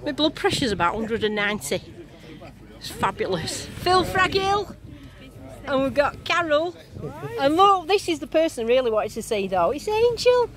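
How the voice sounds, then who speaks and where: A woman's voice: high voice, big pitch swings, moderate pace, a crowd in the background. A woman vlogging outdoors to a handheld camera, bubbly, giggly and gushing in casual chat. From England. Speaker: metal detecting vlogger. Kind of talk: excited casual vlog. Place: outdoors at a field rally, some driving in a car.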